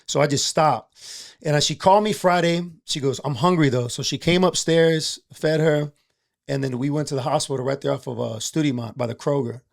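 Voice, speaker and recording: A man's voice: a little high, a little fast, gravelly. A middle-aged man, candidly telling a personal story in a casual podcast chat, streetwise and emotional. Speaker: podcast guest, entrepreneur.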